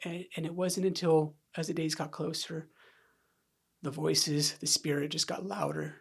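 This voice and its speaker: A man with a fairly high, gravelly voice tells his own story in a podcast conversation. He rambles, restarts and keeps checking in with the listener, and his voice sometimes sinks almost to a whisper. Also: flat delivery, unhurried. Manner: rambling, frequent "right?" and restarts, drops to near-whisper when reliving moments. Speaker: podcast guest. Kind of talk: candid personal storytelling in conversation.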